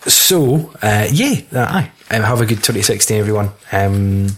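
Rambling Scottish podcast host. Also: male voice, fairly low pitch, expressive, moderate pace. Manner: rambling, giggly, lots of ums. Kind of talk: casual podcast banter.

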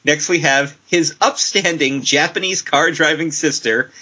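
A man hosting a casual podcast, reading out listener entries in a deadpan way and laughing often. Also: fairly high pitch, unhurried. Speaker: podcast host. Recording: dull lo-fi sound.

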